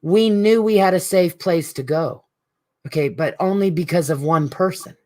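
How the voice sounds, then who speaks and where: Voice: mid-range voice, moderate pace, warm tone. A middle-aged speaker, giving an emotional, rambling tribute straight to an absent friend at a support group meeting. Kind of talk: heartfelt spoken tribute to a friend.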